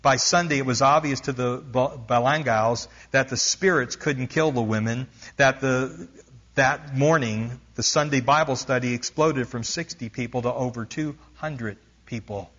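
A man preaching, retelling a missionary story with lively emphasis. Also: mid-range voice, normal speed, dull audio.

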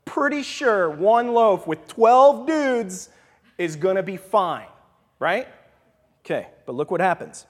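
A man teaching scripture in a relaxed, conversational way, often checking in with "right?" and sometimes dropping to a whisper for emphasis. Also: sits high, slow. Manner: animated, leans on "right?" and "okay?". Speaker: Bible study teacher. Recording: long hall reverb.

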